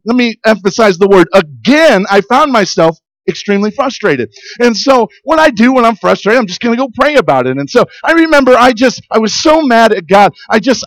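A man's voice: very high voice, animated, fairly quick, a bit bright, no room sound, poor audio. A middle-aged pastor preaching in an earnest, conversational way, often restarting his sentences and building to emphatic peaks. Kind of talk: sermon.

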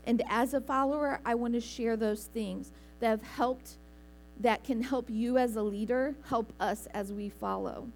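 A woman's voice: a little high, fairly even intonation, a little slow, darkish tone. Woman, sermon, earnest, conversational, church, light hum in background. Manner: earnest, conversational preaching with small restarts. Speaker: preacher. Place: church sanctuary.

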